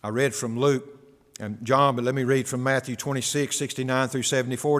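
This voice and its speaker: A man's voice: mid-range voice, fairly even intonation, brisk, fairly bright tone, big-room sound. A man preaching an expository sermon, earnest and emphatic, often repeating his key phrases.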